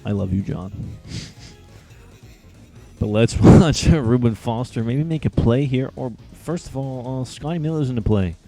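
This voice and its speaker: A young man doing live play-by-play for a video football game, keeping his excitement quiet so as not to wake his housemates. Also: mid-range voice, a little slow, vocal fry, faint music behind. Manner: holding back his volume, hyped but quiet. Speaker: play-by-play commentator. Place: shared house at night.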